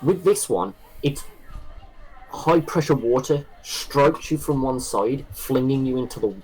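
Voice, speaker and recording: A man's voice: mid-range voice, animated, a little slow, a little mellow, breathy edge, low-quality recording. A man from the running a tabletop game as game master, describing scenes and rulings step by step over an online call. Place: home, online session.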